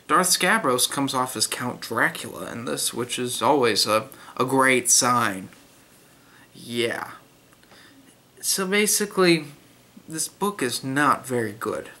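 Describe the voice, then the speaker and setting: A man's voice: medium pitch, pushed and bright. A young man giving a blunt, critical spoken book review in a casual way, with many fillers and restarts.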